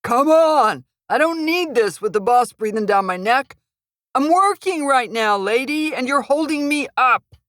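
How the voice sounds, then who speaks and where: Woman voicing a big gruff thug guy, gravelly and pushy, loud barking, dry audiobook sound. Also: medium pitch, very animated, moderate pace, no room sound, natural voice. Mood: angry. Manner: barking, demanding. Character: huge angry male thug, impatient, hostile.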